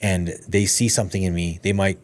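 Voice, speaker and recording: Fast-talking low-voiced man telling a story. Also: a little hiss or hum. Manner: animated, swears freely, acts out quoted dialogue. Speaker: podcast guest. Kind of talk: casual storytelling conversation.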